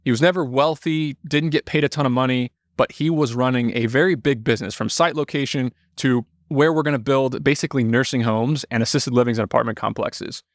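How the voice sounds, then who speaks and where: Animated man telling a story, dry close sound. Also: medium pitch, brisk, few pauses, no room sound. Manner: animated, casual swearing. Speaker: podcast guest. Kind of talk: casual storytelling.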